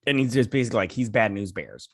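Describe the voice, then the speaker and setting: A man's voice: fairly low pitch, lively intonation, quick pace, dry recording, studio quality. A man hosting a casual episode recap and review, rambling through the plot with lots of fillers and sassy asides. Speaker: show reviewer, host.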